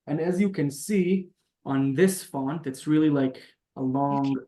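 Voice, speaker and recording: A Hebrew teacher leads a beginner lesson over a video call, patiently explaining step by step and sounding out each word slowly. His voice is a little high for a man with a dark tone, and a roomy echo surrounds him on the call audio.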